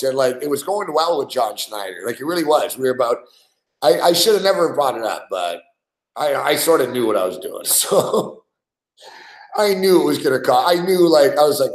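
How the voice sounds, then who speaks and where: A man's voice: mid-range voice, sing-song, moderate pace, reverberant, rough recording. A man hosting a sports betting show, telling profane, laughing stories about guests in casual studio banter. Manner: profane, storytelling, laughs often.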